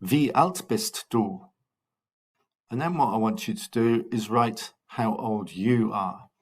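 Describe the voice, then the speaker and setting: A man teaching a recorded German lesson, drilling numbers slowly and patiently with cheerful encouragement to his pupils. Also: on the low side, slightly rough. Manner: slow, patient drilling with repeated counting. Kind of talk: recorded language lesson for children.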